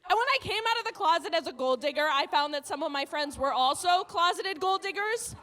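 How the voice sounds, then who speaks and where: A woman doing stand-up on a comedy club stage into a handheld mic. Her voice sits very high and rings bright, and it swoops up and down a lot. She is brash and profane, and she laughs at her own jokes. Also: expressive, a little fast, a little hiss or hum.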